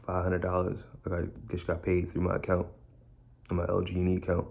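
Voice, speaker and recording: Speaking in a deep, creaky and slightly mellow voice, a man recounts his story candidly and bluntly, streetwise in style and repeating key phrases. His delivery is monotone and fairly quick. He's inside a room of a borrowed house.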